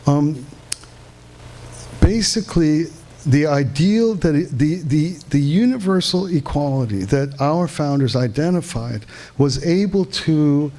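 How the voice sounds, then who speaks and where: A man giving a live lecture to an audience at a conference in a hall, halting and restarting often as he asks the room questions. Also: on the high side, expressive, dark tone. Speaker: conference speaker. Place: veterans hall, indoors.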